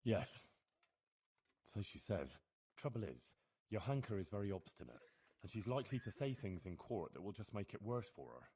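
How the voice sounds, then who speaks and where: An actor voicing a young, dutiful medieval hero who speaks earnestly and plainly in a video game. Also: male voice, lowish voice, big pitch swings, moderate pace, mellow, breathy edge.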